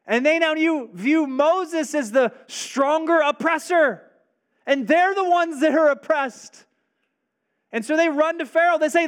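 Male pastor, sermon, conversational; high-pitched, measured pace. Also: fairly bright tone. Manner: conversational, asks rhetorical questions.

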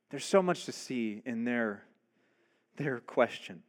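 A man's voice: mid-range voice, animated, slow pace. A male pastor giving a conversational sermon, often asking his listeners rhetorical questions.

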